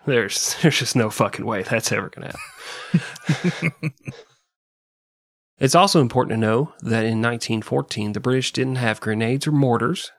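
A man's voice: mid-range voice, fairly bright tone, no room sound, studio quality. A man hosting a comedic history podcast, narrating with wry, profane asides. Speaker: podcast host.

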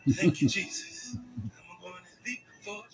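A man leading a church service, shouting repeated calls for praise before introducing a guest preacher. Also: sits high, very animated, takes it slowly. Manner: call-and-response shouting, repetitive exhortation. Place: church sanctuary. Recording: church service filmed from far, music behind. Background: organ music.

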